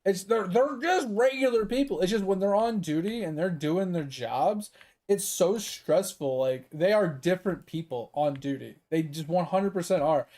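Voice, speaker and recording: A man chatting casually while he plays a game, telling a story with a lot of swearing and laughter. His voice sits high for a man, with a mellow, soft edge. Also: moderate pace. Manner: profane, animated storytelling with laughs. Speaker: gaming streamer.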